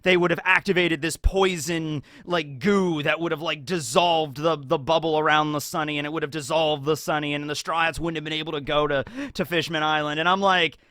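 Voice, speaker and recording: A man talking casually as a YouTuber about an anime special. He is excitable, rambling, and full of fillers and tag questions. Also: fairly high pitch, brisk, few pauses, no echo, studio quality.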